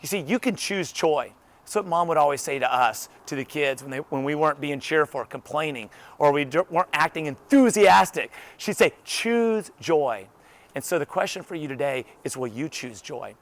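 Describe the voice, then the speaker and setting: A man's voice: on the high side, fairly quick. Upbeat, emphatic male motivational speaker. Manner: upbeat, emphatic, conversational with many "you know"s. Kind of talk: motivational talk.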